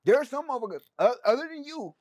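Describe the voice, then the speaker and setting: A man's voice: very high voice, very animated, fast talker, darkish tone, no room sound, clean studio sound. A man co-hosting a podcast in casual chat, emphatic and slangy, repeating himself to drive his points home. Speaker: podcast co-host.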